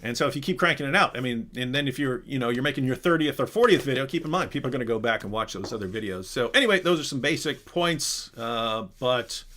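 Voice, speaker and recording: A man's voice: medium pitch, quick pace, hardly any pauses. A man hosting a live question and answer stream, talking casually and animatedly, often breaking off and restarting. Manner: animated, rambling, self-interrupting. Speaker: live Q&A host. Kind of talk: casual livestream chat.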